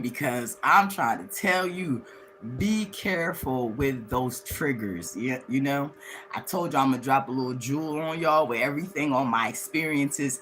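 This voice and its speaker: Animated woman telling a story, bright voice. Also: slight background noise. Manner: animated, swings into high acted-out quotes of others; candid, slangy, laughs as she talks. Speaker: livestream host. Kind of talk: casual storytelling to viewers.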